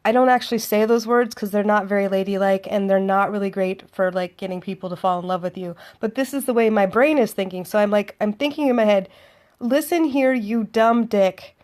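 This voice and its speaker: This woman, a vlogger, rattles through a dating story fast with few pauses, her mid-range voice steady and a little mellow. She's chatty and sardonic, acting out the dialogue from both sides.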